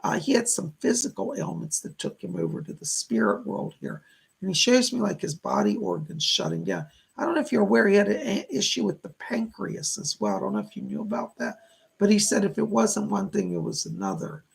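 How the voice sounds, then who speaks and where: Gravelly-voiced male psychic medium. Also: high voice, wildly swooping pitch, fairly quick. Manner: relays spirit messages in quotes, repeating "he said". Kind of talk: live-streamed psychic reading.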